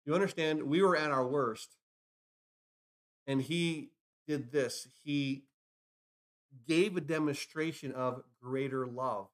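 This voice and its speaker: A man's voice: a little high, unhurried. A man preaching a sermon, building emphasis with rhetorical questions and retelling scripture stories. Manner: acts out scripture dialogue in retellings. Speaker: pastor.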